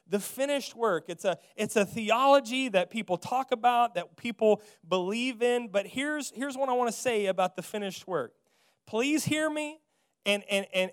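A man preaches a sermon. He hammers on key phrases, saying them again and again, and draws amens from the congregation. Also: sits high. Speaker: pastor.

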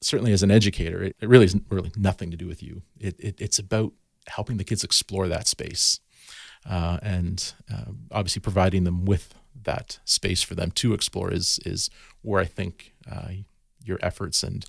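A man's voice: low voice, steady tone, moderate pace, vocal fry, breathy edge, no room sound, studio quality. A man, a garden educator, talking casually as a podcast guest and telling stories with lots of restarts and fillers. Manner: storytelling, many restarts and fillers.

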